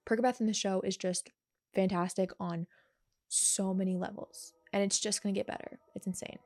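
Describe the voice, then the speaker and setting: A woman casually reviewing a TV episode in a chatty, sarcastic way, with animated asides. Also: medium pitch, moderate pace. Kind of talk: casual video commentary.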